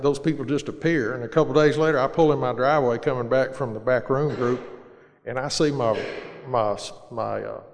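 Middle-aged male speaker, earnest and plain, average pitch, long hall reverb. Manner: earnest, plain-spoken, with repeated restarts. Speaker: speaker sharing his recovery story. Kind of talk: personal storytelling talk.

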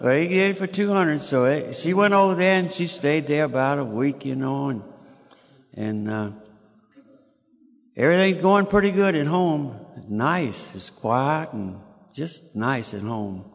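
A man's voice: a little high, lively intonation, measured pace, vocal fry. An older man, telling a personal story in a folksy way, chuckling and restarting as he goes. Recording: long hall reverb.

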